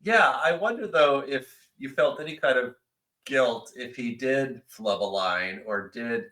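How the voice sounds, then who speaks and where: A man hosting a podcast, talking in an animated, enthusiastic way. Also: mid-range voice, a little slow, rough recording. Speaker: podcast host. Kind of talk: casual chat.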